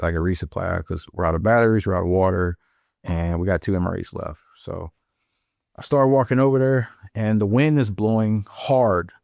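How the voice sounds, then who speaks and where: A man's voice: deep voice, creaky, a little mellow, no room sound, studio quality. Blunt, profane man telling a war story. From St. Louis, USA. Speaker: Marine veteran guest. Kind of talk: storytelling in an interview.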